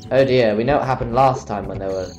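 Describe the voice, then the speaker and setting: A man's voice: medium pitch, fast talker, darkish tone, highs cut off, soft background music. A tired young man giving rambling, self-mocking commentary while playing a video game. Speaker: let's play commentator. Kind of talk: casual gameplay commentary.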